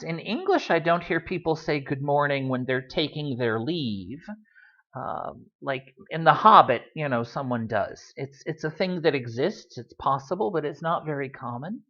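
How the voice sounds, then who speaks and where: A woman teaching a beginner Spanish lesson in a relaxed, chatty way, with frequent "um"s. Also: low voice. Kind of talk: recorded language lesson. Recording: dull lo-fi recording.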